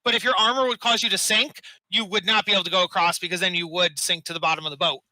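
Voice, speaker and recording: A man's voice: high voice, steady tone, fast talker, pushed and bright, no room sound, low-quality recording. A man running an online tabletop game as dungeon master, patiently explaining rules and chuckling often. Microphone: desk mic.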